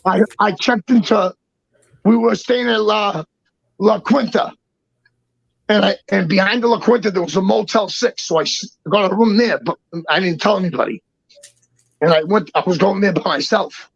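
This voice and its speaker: Guy with a raspy gravelly voice, stumbles and repeats himself a lot, swears, muffled lo-fi dry sound. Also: high voice, no echo. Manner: halting, with many restarts and repeats; swears freely. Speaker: guest storyteller. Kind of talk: casual storytelling.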